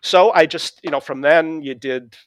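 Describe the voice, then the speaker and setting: A middle-aged man from New England with a New England accent, a guest calmly telling stories about his past with many fillers and restarts. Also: fairly high pitch, moderate pace, no room sound. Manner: relaxed storytelling with fillers and restarts. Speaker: interview guest. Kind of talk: conversational reminiscing.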